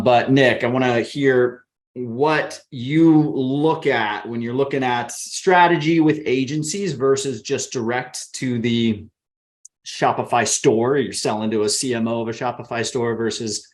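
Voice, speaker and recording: Male podcast host on a video call, mid-pitched, casual; long rambling questions with restarts. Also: fairly even intonation, unhurried. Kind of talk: casual interview chat.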